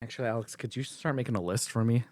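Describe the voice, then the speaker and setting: A man co-hosting a podcast in playful casual chat. He jokes around and sometimes drops into a low mock-seductive voice for shout-outs. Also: rapid-fire, dry recording, clean studio sound. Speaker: podcast co-host.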